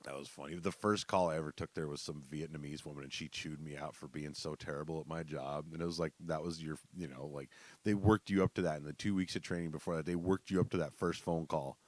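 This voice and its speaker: A man's voice: a bass voice, steady tone, fast talker, no echo. A man hosting a podcast, casually telling profane, joking work stories. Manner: profane, joking, laughing asides. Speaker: podcast host. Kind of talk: casual storytelling.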